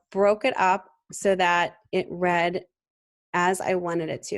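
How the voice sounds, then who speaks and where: Gravelly-voiced woman teaching a software tutorial. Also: lowish voice. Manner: relaxed, conversational, with frequent ums and restarts. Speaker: design instructor. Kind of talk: screen-recorded software tutorial.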